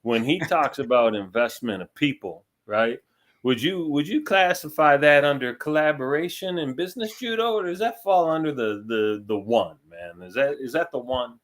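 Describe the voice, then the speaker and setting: A man's voice: mid-range voice, very animated, moderate pace, a bit bright. Enthusiastic male podcast host. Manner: enthusiastic, brief reactions. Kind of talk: casual interview.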